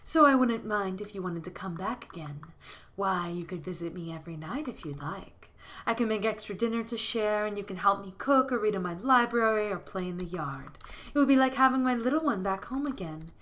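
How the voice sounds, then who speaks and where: A woman's voice: mid-range voice, animated, fairly quick, natural voice. Woman voicing a lonely, doting forest witch. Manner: soft, gentle and doting. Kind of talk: reading a game character aloud.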